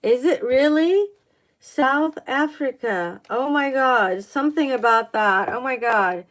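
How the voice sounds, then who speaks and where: Slow-talking excitable tarot reader woman. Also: sits high. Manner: halting and excitable, many gasps and "oh my God"; restarts sentences, thinks aloud. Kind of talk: live-streamed tarot reading, chatting with viewers.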